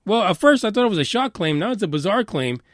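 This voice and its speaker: A man hosting a podcast in a profane, sarcastic rant, swinging between loud outbursts and low mutters. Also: very animated, quick pace, no room sound, clean studio sound. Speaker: podcast host. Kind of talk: ranting podcast commentary.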